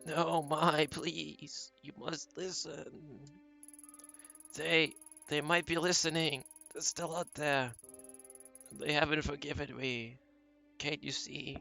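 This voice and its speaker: A man voicing a frail, fearful grandmother who pleads and warns in a slow, quavering way. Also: fairly high pitch, level tone, gravelly, sharp tone, faint music behind, exaggerated voice. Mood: frightened. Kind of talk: reading game dialogue aloud.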